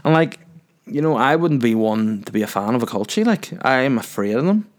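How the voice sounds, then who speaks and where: A man's voice: medium pitch, animated, fairly quick. A young man, telling a crude, rambling comic story in a loose monologue.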